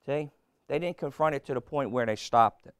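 A man's voice: medium pitch, fairly quick, smooth, no room sound. A man preaching a sermon, emphatic and rhetorical, firing questions at the congregation and repeating phrases for effect.

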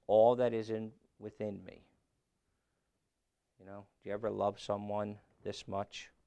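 A middle-aged man preaching a sermon, shifting from quiet talk to loud scripture reading. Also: fairly low pitch, creaky.

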